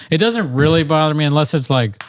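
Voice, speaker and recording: A man co-hosting a casual reaction chat, laid-back and jokey, often laughing. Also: a little high. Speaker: co-host.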